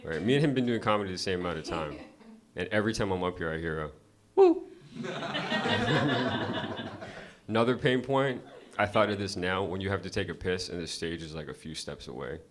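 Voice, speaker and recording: A man's voice: low voice, brisk, long pauses. A man doing a casual, profane stand-up set at an open mic, talking to the crowd conversationally. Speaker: stand-up comedian. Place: comedy club stage.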